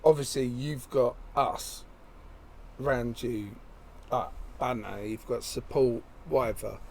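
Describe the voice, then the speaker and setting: A mid-pitched man speaking as a guest in a relaxed podcast chat. He backs up the host with brief agreement. A faint hiss runs in the background. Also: takes it slowly, gravelly. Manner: supportive, short agreeing replies. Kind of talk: casual chat.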